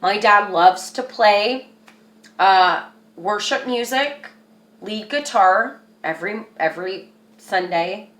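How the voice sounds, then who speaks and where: A woman's voice: medium pitch, expressive, slow, a bit bright, reverberant. A young woman telling a personal story in an emotional, rambling way, with many restarts.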